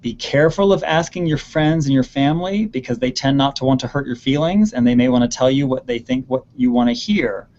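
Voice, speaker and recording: A man's voice: medium pitch, a little fast, hardly any pauses, darkish tone, muffled recording. Earnest man giving theater advice. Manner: earnest, repeats words for emphasis. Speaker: theater expert answering student questions. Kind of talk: advice in an online Q&A. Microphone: video call.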